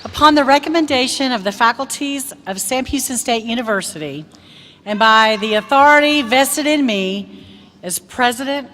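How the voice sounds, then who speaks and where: A woman university president conferring degrees in a measured, formal manner. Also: medium pitch, fairly bright tone. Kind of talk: formal ceremonial declaration. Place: large hall. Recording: echoey large hall.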